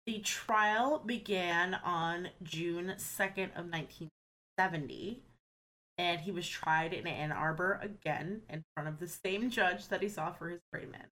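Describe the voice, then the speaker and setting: A woman's voice: on the low side, a little slow, pushed and bright, rough recording. A woman co-hosting a true crime podcast, working steadily through dates and court proceedings from her notes. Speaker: podcast co-host. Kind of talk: reading case notes in casual chat.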